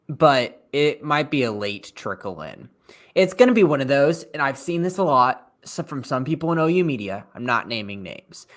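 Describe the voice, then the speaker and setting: A young man in his twenties co-hosting a casual sports podcast, talking in an animated, rambling way full of "like" fillers. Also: medium pitch. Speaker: podcast co-host. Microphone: streamed podcast mic.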